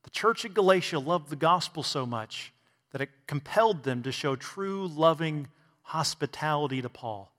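Bright-voiced preacher man in a hall. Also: a little high, lively intonation, normal speed. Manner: preaching with rhetorical questions and humor. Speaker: pastor. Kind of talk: sermon.

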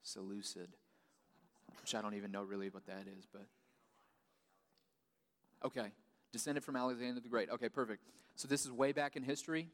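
A man delivers a sermon in a relaxed, chatty manner, dropping in casual asides as he explains. His voice sits at an ordinary middle pitch. The sound carries a long reverb from a large hall. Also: brisk, pauses often. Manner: conversational preaching with casual asides. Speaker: pastor.

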